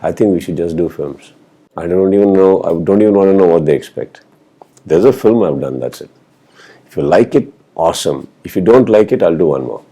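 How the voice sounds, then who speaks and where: A man's voice: sits low, lively intonation, a little fast, warm tone, breathy edge. A man being interviewed about his film work, telling stories and acting out what people said to him, with Hindi phrases mixed in. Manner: storytelling, acting out quoted exchanges, mixing in Hindi phrases. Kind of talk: casual interview answers.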